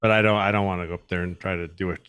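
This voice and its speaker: A man's voice: low-pitched, fairly even intonation, rapid-fire, fairly bright tone, clean tone. A man hosting a casual interview, laughing often and speaking hesitantly with many fillers. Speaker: podcast host.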